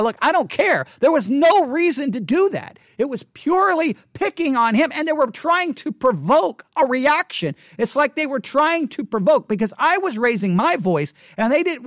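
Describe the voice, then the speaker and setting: A man's voice: extremely high pitch, fairly bright tone, dry recording, clean studio sound. A man who hosts a Christian video channel, telling a personal story in an impassioned, indignant way and quoting what was said. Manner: impassioned, indignant, retells with quoted dialogue.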